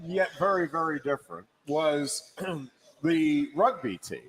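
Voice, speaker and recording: A man's voice: on the high side, sing-song, slow, poor audio. A middle-aged man co-hosting casual sports radio, reading results and telling stories with dry understatement and "uh" fillers. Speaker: co-host, wrestling play-by-play voice.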